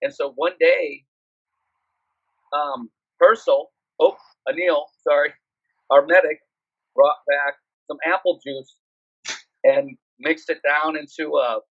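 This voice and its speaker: A middle-aged man, a podcast guest, telling a story in a lively, casual way with swearing. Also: on the high side, takes it slowly, pauses often, dry recording, lo-fi sound. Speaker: guest, former squad member.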